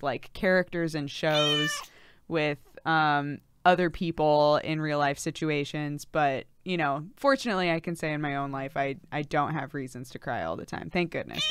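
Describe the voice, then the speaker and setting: A young woman streams and chats casually, her voice smooth and a little low, laughing often as she talks. She is recorded close and dry on a desk mic. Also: dry recording. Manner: chatty, frequent laughter, lots of fillers. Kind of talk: casual live-stream chat.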